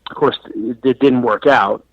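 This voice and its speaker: A man in his forties, a comedian and actor from New York and Florida, telling stories as a podcast guest. He acts out quoted lines loudly and swears freely. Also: medium pitch, moderate pace, gravelly, no echo. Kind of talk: casual podcast storytelling. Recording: dull, dry sound.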